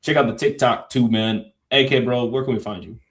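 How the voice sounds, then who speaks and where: A man co-hosting a casual sports podcast, talking in a relaxed, slangy way with drawn-out fillers. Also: mid-range voice. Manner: laid-back, slangy, drawn-out filler words. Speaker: podcast co-host.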